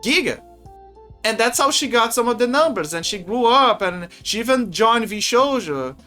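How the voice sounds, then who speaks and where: A man streaming, chatting casually in a rambling, animated way with frequent restarts and laughs. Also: very high voice, moderate pace. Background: faint music.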